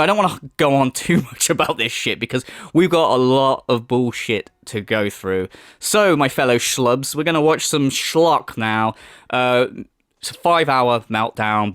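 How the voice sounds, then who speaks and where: A man's voice: mid-range voice, no echo, studio quality. A man hosting a commentary video, sarcastic and swearing, mocking what he reacts to. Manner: sarcastic, swears a lot, lively mocking impressions.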